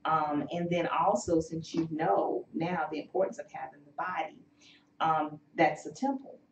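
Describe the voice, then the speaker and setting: A woman's voice: deep voice, fairly even intonation, normal speed, a little hiss or hum. A woman hosting a health show, talking in an encouraging, faith-filled way with many fillers. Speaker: host. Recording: roomy, distant, dull sound.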